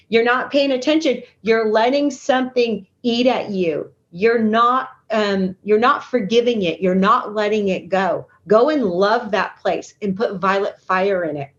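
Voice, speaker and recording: A woman's voice: medium pitch, moderate pace. A woman speaking as an interview guest and intuitive healer, giving earnest, coaching advice and acting out her inner dialogue. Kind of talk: conversational interview. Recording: dull lo-fi remote audio.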